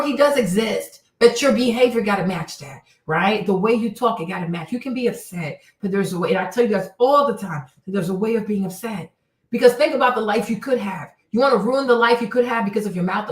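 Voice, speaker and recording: An emphatic woman lectures her listeners and hammers her points home with repetition. Her voice sits a little high and sounds slightly away from the mic, in an echoey room. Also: recorded from a distance. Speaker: host giving advice. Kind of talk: casual commentary.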